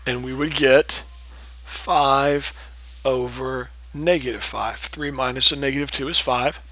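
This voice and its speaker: Through a recorded geometry lesson, a man teaching math walks patiently through problems, repeats key ideas, and keeps asking "okay?". His medium-pitched voice is pushed and bright, fairly even, and a little slow. The recording is dry and low in quality.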